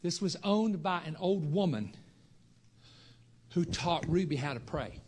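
A preacher man telling a folksy testimony to a congregation, building into shouted fervor. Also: on the high side, expressive, measured pace, slight background noise.

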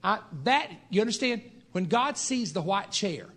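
A preacher man telling a folksy testimony to a congregation, building into shouted fervor. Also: sits high, lively intonation, normal speed.

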